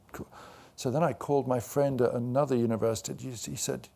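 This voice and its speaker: A man in his sixties speaks in a live onstage conversation. He wanders through anecdotes, stopping and restarting with plenty of fillers. His pitch sits in the middle range. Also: a little fast, vocal fry, mellow. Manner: rambling anecdotal storyteller with many fillers and restarts. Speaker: author and guest. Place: event before a live audience.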